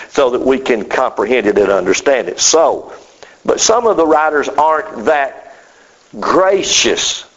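A man's voice: mid-range voice, muffled recording. A man with a North Georgia Southern accent, teaching by reading a text aloud and commenting on it, building up to emphatic rhetorical questions.

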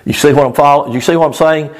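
A man preaching a sermon in a loose, conversational way, repeating his phrases, chuckling now and then and talking straight to the congregation. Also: on the high side. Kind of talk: conversational Bible-teaching sermon.

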